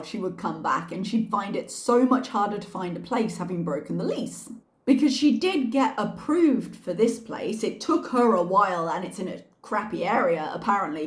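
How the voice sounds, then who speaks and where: Wry woman hosting a reaction commentary. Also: medium pitch. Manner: wry, sarcastic asides. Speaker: reaction channel host. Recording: echoey room.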